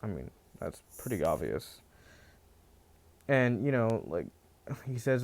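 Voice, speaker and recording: A man's voice: on the low side, big pitch swings, slow, creaky, long pauses, darkish tone. A man casually telling a fan fiction story, rambling with many restarts and filler phrases. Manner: rambling, full of "you know" and restarts.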